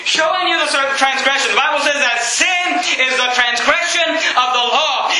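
A man preaching a fiery sermon as pastor, yelling and hammering points with repetition. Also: extremely high pitch, moderate pace, hardly any pauses, echoey room, poor audio. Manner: loud, yelling, emphatic repetition. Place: church sanctuary.

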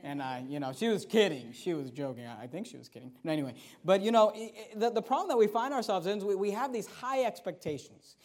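A pastor preaching a sermon in a lively, conversational style, rising loud and dropping to soft asides. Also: male voice, high voice, fast talker, hardly any pauses.

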